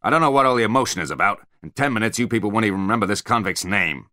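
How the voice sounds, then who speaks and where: A man's voice: lowish voice, expressive, racing, sharp tone, dry recording, clean studio sound, voice pushed up. A man doing a barking fairy commander. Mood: impatient. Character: gruff, impatient male fairy commander.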